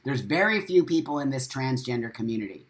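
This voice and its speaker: A man hosting a live-stream monologue, swearing often and repeating phrases for emphasis in a defiant, forceful rant. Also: mid-range voice, expressive, brisk. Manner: profane, emphatic ranting. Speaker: host.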